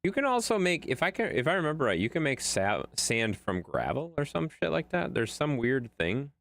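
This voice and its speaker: A man's voice: medium pitch, big pitch swings, moderate pace, fairly bright tone. A man streaming a game late at night, chatting loosely with viewers and his dog and swearing freely. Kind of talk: casual livestream gameplay commentary.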